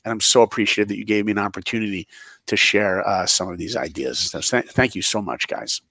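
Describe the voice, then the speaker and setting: A man in his forties, a podcast guest, chatting casually as a lively storyteller. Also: on the low side, brisk, gravelly, no echo. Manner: animated storyteller. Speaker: guest, animation director.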